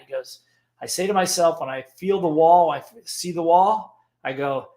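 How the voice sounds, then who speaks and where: A man's voice: on the high side, normal speed, darkish tone. A man giving a live-streamed motivational lesson as a coach, repeating his key points and checking in with "okay?" again and again.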